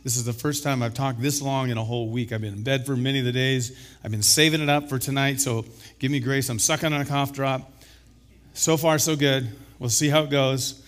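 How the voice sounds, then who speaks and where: A man preaching a sermon as pastor, slightly hoarse from illness, building to emphatic exclamations. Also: medium pitch, steady tone, fairly quick. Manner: emphatic, rising to loud exclamations.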